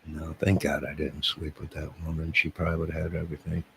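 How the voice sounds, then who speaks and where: Comedy character: man playing a lonely bumbling loser, deep gravelly voice, stammering and boastful, with faint noise behind. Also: little pitch movement, fast talker. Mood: rambling. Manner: rambling, stammering, swings between bragging and apologizing. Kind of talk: comedic character monologue to camera.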